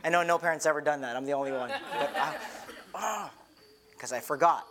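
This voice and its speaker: A man's voice: on the high side, a little fast, crowd noise. A middle-aged man, a pastor, giving an earnest, conversational sermon with many repeated restarts.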